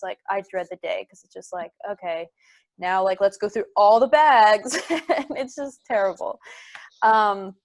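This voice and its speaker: A woman's voice: medium pitch, dry recording. A young woman co-hosting a podcast, talking casually and a little hesitantly with many fillers. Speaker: podcast co-host. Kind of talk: casual chat.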